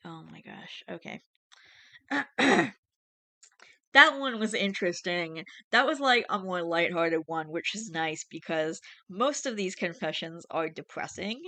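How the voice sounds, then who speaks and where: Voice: medium pitch, animated, normal speed, few pauses, sharp tone, no room sound. A host reading online confessions aloud in a casual, chatty way, adding irreverent and freely sworn asides between posts. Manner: chatty and irreverent, swears freely, laughs often.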